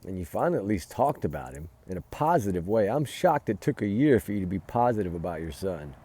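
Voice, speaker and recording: A man's voice: sits low, sing-song, fast talker, dark tone. A man giving heated, emphatic casual commentary as a vlogger, recorded outdoors by a fire at night. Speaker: true-crime vlogger.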